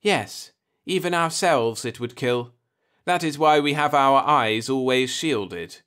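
A man reading the part of a polite, measured male alien in an audiobook, speaking with calm formality. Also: medium pitch, clear, resonant tone. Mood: politely calm.

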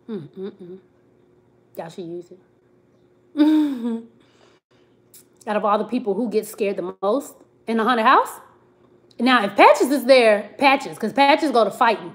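A woman, chatting casually on a live stream, reading comments and laughing often. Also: fairly high pitch. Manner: chatty, laughs often, Southern slang like "child" and "y'all".

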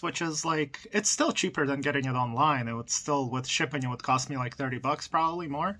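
Giddy young man, bright voice. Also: a little high, a little fast, few pauses. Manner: giddy, breathless, stammering, laughs often. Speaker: toy collector vlogger. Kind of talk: excited unboxing vlog. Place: room in a house.

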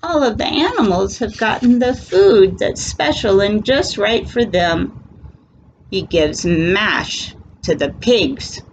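Slow expressive woman reading a storybook. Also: medium pitch, dull audio, a little hiss or hum. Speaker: storybook reader. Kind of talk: reading a children's picture book aloud.

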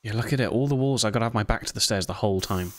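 A man's voice: lowish voice, racing, low-quality recording. A young man giving jumpy, self-mocking commentary while playing horror games, with sudden yelps. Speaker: gaming video host.

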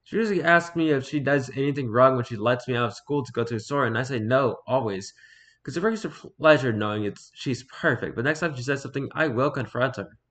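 A man reading online stories aloud in a casual, halting way, stumbling over words and breaking off to comment. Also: medium pitch, a bit bright. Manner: reads haltingly, stumbles and repeats words, then comments offhand.

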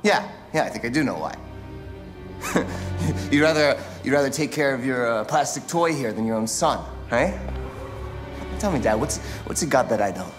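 An actor playing a desperate, bitter young adult son with a resentful manner and nervous laughter. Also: male voice, mid-range voice, animated, normal speed, natural voice. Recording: reverberant game audio with music.

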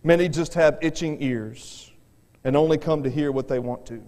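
A man's voice: fairly high pitch, normal speed, dark tone. A man preaching a revival sermon as an evangelist, earnest and given to repeating words as he starts his phrases. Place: church sanctuary. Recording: long church reverb.

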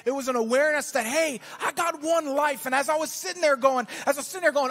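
A man preaching a sermon as pastor, telling a story and then building to shouted exhortation in a church. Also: extremely high pitch, quick pace, hardly any pauses, faint music behind.

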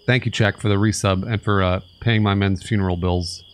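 A man's voice: on the low side, steady tone, brisk, clear, resonant tone. A man streaming a video game live, ranting with exasperated sarcasm over his gameplay. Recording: game noise and sirens behind voice.

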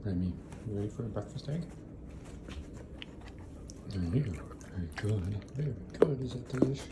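Man cooing to dogs, loud background noise. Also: on the low side, expressive, moderate pace. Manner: playful sing-song pet talk. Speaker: vlogger. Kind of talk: talking to pets.

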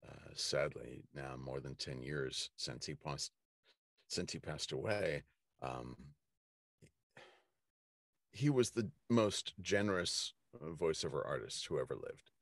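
A middle-aged man, an audiobook narrator, telling stories in a casual interview with many pauses and fillers. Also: extremely low pitch, animated, gravelly, no echo, studio quality. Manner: unhurried storytelling with many fillers and restarts. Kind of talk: casual anecdotal conversation.

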